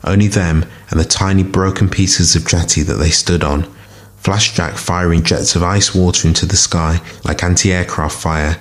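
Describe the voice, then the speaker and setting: A man with a very deep voice narrates scripted fiction in a measured, dramatic way. He reads as the storyteller of a podcast tale. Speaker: story reader.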